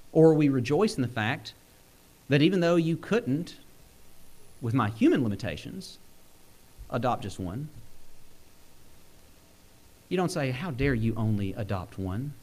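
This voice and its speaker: A young man with a drawl preaches a sermon while fighting off a cold. His voice jumps up and down in pitch and speed, and he laughs lightly as he makes his points. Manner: animated, swings pitch and pace, chuckles often. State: sick, using cough drops.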